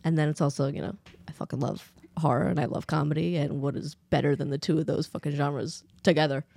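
A woman's voice: low-pitched, steady tone, fast talker, vocal fry, mellow, no echo. A woman co-hosting a casual chat, enthusiastic and laughing, swearing freely. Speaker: podcast co-host.

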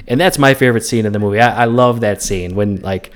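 A man's voice: on the low side, quick pace. A man co-hosting a casual movie podcast, rambling through the plot, restarting sentences and laughing often. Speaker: podcast co-host.

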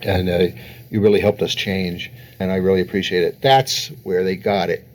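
A man's voice: low-pitched, little pitch movement, moderate pace, darkish tone, a little hiss or hum. An older man, a family therapist being interviewed, telling anecdotes and laughing as he talks. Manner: storytelling, voices others in quotes with lots of laughter. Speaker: guest therapist. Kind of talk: interview answers.

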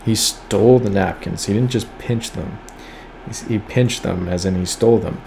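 Low-pitched male reader, offhand and irreverent, breaks off to comment; faint room noise behind. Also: normal speed, vocal fry, a little mellow. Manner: reads lines aloud then riffs with wry, profane asides; spells out words letter by letter while looking them up. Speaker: podcast host reading poems. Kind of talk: casual reading and commentary.

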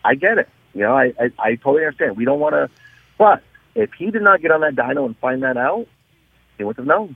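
Speaking quickly in a husky mid-range voice, a man who owns a dyno shop tells stories as a guest on a casual radio interview. He's animated and keeps restarting sentences. The call comes through a tinny phone line with no echo.

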